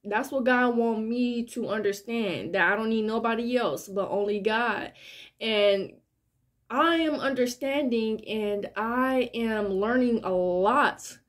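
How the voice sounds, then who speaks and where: A woman's voice: a little high, slow pace. A woman, talking casually and earnestly to her viewers about faith, repeating herself as she preaches. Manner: earnest, repetitive, heartfelt preaching. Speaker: spiritual vlogger. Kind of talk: casual spiritual monologue to viewers.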